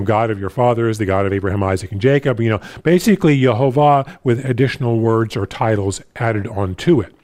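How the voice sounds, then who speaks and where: A man delivers a sermon in a halting way, often repeating words and starting over. He slows down to read scripture with deliberate care. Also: mid-range voice, darkish tone. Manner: reads scripture slowly and deliberately. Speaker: pastor.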